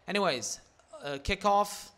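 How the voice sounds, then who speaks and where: A young man with a fairly high voice talks through a football video game in casual commentary. He swears constantly and gets loud when the action heats up. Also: a little slow. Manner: excitable, swears constantly, shouts at big moments. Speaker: gaming commentator.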